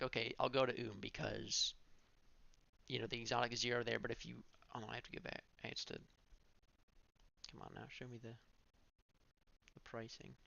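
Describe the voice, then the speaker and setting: A man's voice: medium pitch, creaky, pushed and bright, dull audio. A male streamer giving gameplay commentary, thinking aloud and correcting himself as he goes.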